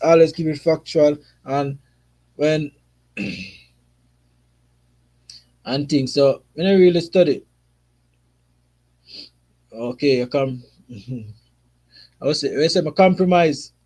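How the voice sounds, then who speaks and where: A Jamaican football streamer hosts a casual livestream, reading viewer comments and chatting, blending patois with English and often tagging lines with "you see me." His voice is on the high side with a darkish tone.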